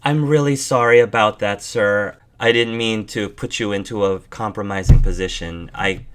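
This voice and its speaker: A man's voice: fairly low pitch, normal speed, fairly bright tone, smooth, lightly acted. A man voicing a nervous young female bat woman who stammers and pleads, apologetic and flustered. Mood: relieved.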